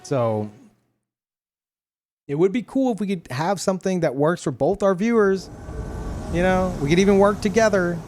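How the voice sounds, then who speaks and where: Higher-voiced man ranting while gaming. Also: animated, moderate pace, pauses often, darkish tone, slight background noise. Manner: exasperated, ranting, laughs a lot, swears. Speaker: streamer. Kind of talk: live gameplay commentary.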